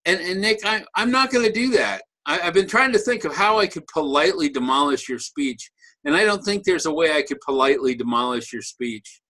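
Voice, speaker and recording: A man's voice: fairly high pitch, animated, fairly quick, sharp tone. A man giving a conversational online teaching talk as a workshop presenter, joking and restarting phrases as he goes.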